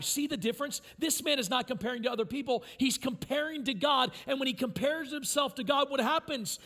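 A pastor whose voice is notably high delivers an animated, brisk sermon to his congregation. Intimate points come in near-whispers, while pleas burst out loud and impassioned.

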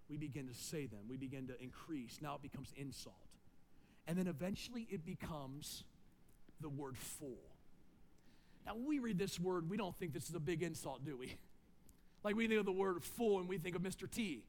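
Guy w a high voice preaching a sermon, gets loud then drops real low and quiet. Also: animated, normal speed. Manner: swings between loud emphatic points and low quiet asides. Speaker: pastor.

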